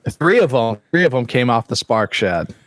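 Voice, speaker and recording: Profane, animated man telling a story. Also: mid-range voice, moderate pace, no room sound. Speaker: podcast co-host. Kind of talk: casual chat.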